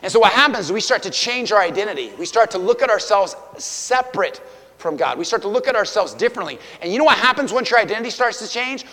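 A man in his forties preaching a sermon in a church, emphatic and swinging between loud declarations and hushed stretches. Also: high-pitched, expressive, fast talker. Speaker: pastor. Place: church auditorium. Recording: long hall reverb.

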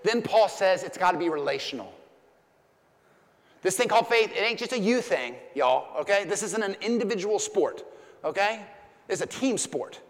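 A man, preaching a sermon as a pastor, swinging from loud impassioned peaks to hushed emphasis. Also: high voice, lively intonation, moderate pace. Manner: impassioned, rising to near-shouts and dropping to hushed emphasis. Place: church sanctuary. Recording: long church reverb.

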